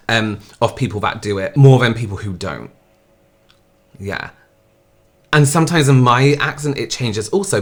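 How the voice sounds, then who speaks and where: A man's voice: on the low side, a bit bright. A young man from England with a Hampshire accent, reacting to clips in loose, rambling chat full of fillers and restarts. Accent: southern English, Hampshire. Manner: rambling, many fillers and restarts, laughs often. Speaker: reaction video host. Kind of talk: casual reaction commentary.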